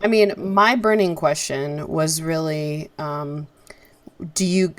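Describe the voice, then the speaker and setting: Woman co-host, low pitch, dry close sound, rambling conversational questions. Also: takes it slowly, no echo. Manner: chatty, rambling, asks questions. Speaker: podcast co-host. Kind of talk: casual interview chat.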